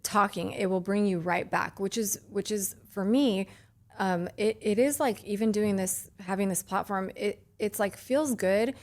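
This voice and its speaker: A woman in her thirties hosting a podcast, talking in an earnest, halting way with many restarts and fillers. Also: medium pitch, a little mellow. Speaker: podcast host. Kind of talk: casual heartfelt conversation.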